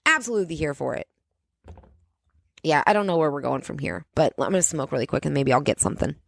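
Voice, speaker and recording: A woman's voice: low voice, animated, fast, vocal fry, dry recording. Sarcastic, profane woman ranting, dry sound. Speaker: podcast host. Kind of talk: ranting solo podcast.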